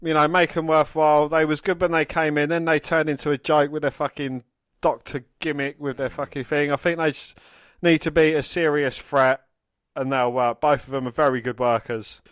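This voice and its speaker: A man's voice: on the high side, steady tone, normal speed, a bit bright, dry recording. A man co-hosting a podcast, reading out news items plainly and swearing freely when he chats. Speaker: podcast co-host.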